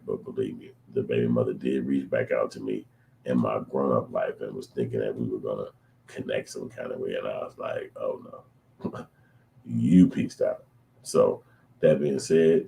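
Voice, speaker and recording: A man's voice: extremely low pitch, moderate pace, vocal fry, mellow, slight background noise. A middle-aged man hosting his own channel, giving loose, rambling, slangy reaction commentary. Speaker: channel host.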